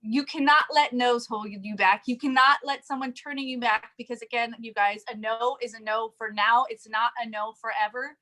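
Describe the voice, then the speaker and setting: Bright-voiced woman coaching in a chat. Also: fairly high pitch, normal speed, few pauses. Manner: animated, laughs often, acts out quoted people. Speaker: network marketing coach. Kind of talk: casual chat.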